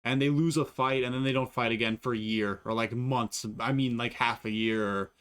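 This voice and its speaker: A young man running through fight picks in loose, rambling talk, swearing freely and cracking jokes as he goes. His voice sits at an ordinary middle pitch, and he trips over names, then laughs them off and moves on. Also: fairly even intonation, normal speed, a bit bright, clean tone. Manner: profane, rambling, jokey. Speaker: MMA fight analyst. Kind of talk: casual fight predictions.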